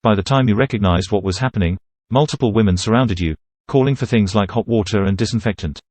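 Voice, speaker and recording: A man reading a second-person horror story in a measured, steady narrating voice. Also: on the low side, no room sound.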